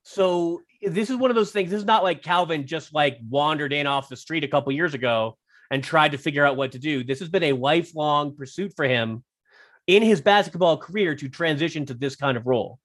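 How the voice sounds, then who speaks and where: A man talking as a guest on a sports podcast, wry and teasing, quick to joke. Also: a little high, fairly bright tone. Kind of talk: casual sports podcast chat.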